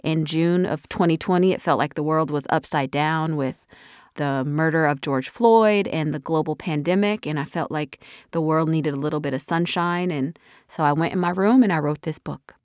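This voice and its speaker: A woman's voice: sits low, moderate pace, clear, resonant tone, no echo, studio quality. A woman in her thirties, an author, chatting casually and animatedly about her audiobook from a recording booth. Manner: animated, chatty, drops softly at the ends of thoughts. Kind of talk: casual reflective chat. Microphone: studio mic.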